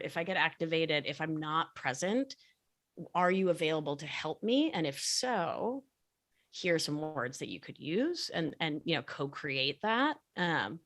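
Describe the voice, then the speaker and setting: A woman talking as a podcast guest, explaining things in a calm, gentle, sing-song way. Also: low-pitched. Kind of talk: casual podcast conversation.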